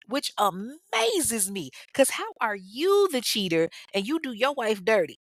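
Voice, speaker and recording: A woman's voice: a little high, big pitch swings, a little slow, few pauses, no room sound. A woman podcast host telling a true-crime story in a casual, candid way, with profane, chatty asides to her listeners.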